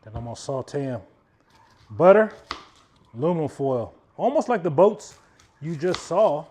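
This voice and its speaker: A man's voice: a little high, very animated, a little slow, a little mellow, slightly rough. A man hosting an outdoor grilling video, talking viewers through each step in a chatty way and joking with them. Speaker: cooking channel host. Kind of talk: casual cooking demonstration.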